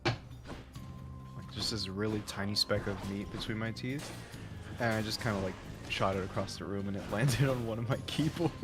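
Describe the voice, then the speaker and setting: A man's voice: fairly low pitch, normal speed, music in the background. A man casually chatting on a livestream as co-host, rambling and laughing often. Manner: rambling, laughs often, jumps into silly voices. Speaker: streamer co-host. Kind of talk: casual stream chat.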